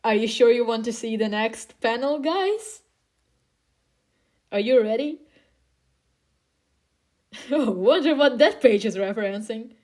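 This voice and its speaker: A woman artist casually commenting on her own comic while streaming, with excitable, dramatic outbursts. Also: on the high side, slow pace, long pauses.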